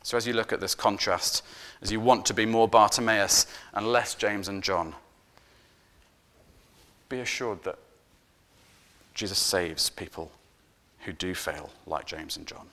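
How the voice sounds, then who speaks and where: A man's voice: on the low side, a little slow, pauses often. Earnest male preacher delivering a sermon. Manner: earnest, emphatic, with repeated words; swings from loud emphasis to soft, hushed endings.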